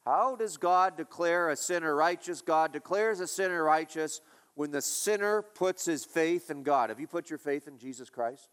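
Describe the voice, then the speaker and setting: A man's voice: on the high side, moderate pace, fairly bright tone, clean tone. A male pastor preaching a sermon, emphatic and repetitive, asking his listeners rhetorical questions.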